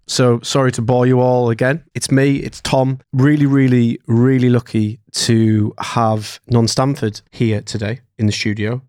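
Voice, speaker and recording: A man's voice: mid-range voice, darkish tone, no room sound. A man hosting a podcast in a studio, chatty and casual, swearing now and then. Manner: chatty, swears casually, acts out his inner voice. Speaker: podcast host. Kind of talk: casual interview chat.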